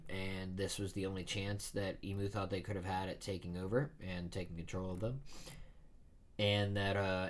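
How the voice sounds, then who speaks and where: A man hosting a casual reading and reaction, thinking aloud as he rambles through his thoughts. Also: lowish voice. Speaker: manga reaction host.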